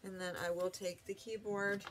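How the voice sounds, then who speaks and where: A woman's voice: medium pitch, level tone, moderate pace, a little hiss or hum. Chatty woman rambling through an unboxing. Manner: chatty, rambling, self-correcting. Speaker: vlog host. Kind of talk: casual unboxing chat.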